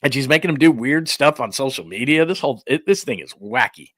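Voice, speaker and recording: A man hosting a sports talk show, ranting in a rambling, incredulous way and acting out quick quotes. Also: medium pitch, animated, fairly bright tone, dry recording, studio quality. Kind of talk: live-stream sports talk, reading supers.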